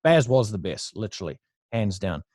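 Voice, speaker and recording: In a sing-song voice that sits fairly low and leans dark, an Australian entrepreneur in his thirties tells stories at a moderate pace as a guest in a casual interview. He is blunt and chatty and swears freely, and the recording is dry and studio quality.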